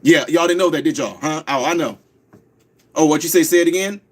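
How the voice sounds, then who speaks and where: A high-pitched man hosts a live radio talk show. He speaks quickly and insistently, often repeating words slowly for emphasis. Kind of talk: fast call-in radio talk, streamed live.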